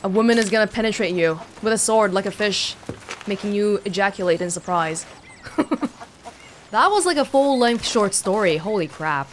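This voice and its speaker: A woman's voice: medium pitch, lively intonation, normal speed, a little hiss or hum. A woman hosting a let's play, joking, giggling and reading game text aloud. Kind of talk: casual gameplay commentary, reading aloud.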